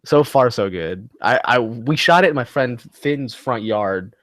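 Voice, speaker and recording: Animated man telling stories in a chat. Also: mid-range voice, unhurried, no room sound. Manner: animated storyteller, swears often, acts out voices. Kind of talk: casual group chat.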